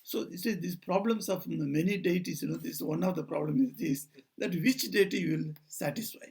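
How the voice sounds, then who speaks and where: Older male monk speaker, high husky voice, story-led spiritual talk, acts out the dialogue. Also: normal speed, a little mellow. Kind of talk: informal spiritual talk with stories. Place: talk at a society house, indoors.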